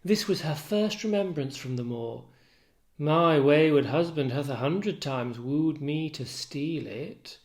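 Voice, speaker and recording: A man's voice: a little high, expressive, slow pace. A man reading plainspoken Emilia. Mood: plain. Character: Emilia, plainspoken waiting-woman.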